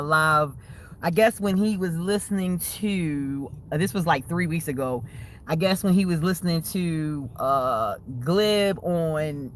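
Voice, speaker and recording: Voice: medium pitch, fairly bright tone, a little hiss or hum. A livestreamer chatting casually to viewers, rambling and laughing often, with slangy, profane talk. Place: waiting for a food order.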